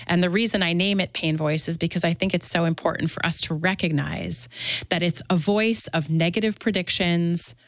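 A woman with a fairly low voice explains her clinical approach in a clear, earnest, teaching manner. The sound is dry and close, with no room around it. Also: no room sound. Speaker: pain therapist. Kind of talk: interview answers, explaining.

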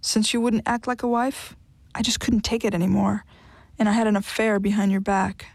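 A woman's voice: medium pitch, fairly even intonation, moderate pace, creaky, no room sound. A woman voicing a jealous, pleading man who turns tearful, in an audiobook reading. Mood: wounded. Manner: pleading, wounded delivery. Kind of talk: audiobook character voice.

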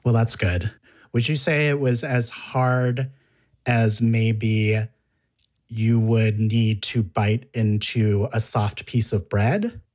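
A man's voice: medium pitch, steady tone, takes it slowly, a little mellow. A man interviewing in casual conversation, asking curious, probing follow-up questions.

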